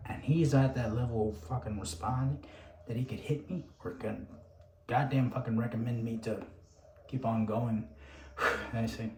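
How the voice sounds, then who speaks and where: A man's voice: mid-range voice, moderate pace, a little mellow. A man rambling through a casual monologue, swearing freely and sighing between thoughts. His voice sits in the middle of the male range. The room is roomy and echoey, with a faint hum of ambience behind him. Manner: profane, rambling, frequent sighs and restarts.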